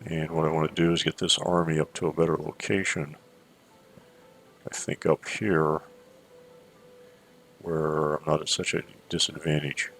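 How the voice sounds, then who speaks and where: Gravelly low-voiced man narrating gameplay. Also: level tone, a bit bright. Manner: measured, thinks aloud with fillers. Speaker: gameplay commentator. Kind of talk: strategy gameplay commentary.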